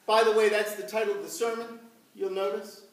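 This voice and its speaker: A man preaching as pastor, telling the story slowly and asking his congregation questions. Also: high voice, fairly even intonation. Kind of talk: sermon. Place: church. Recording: echoey church from far off.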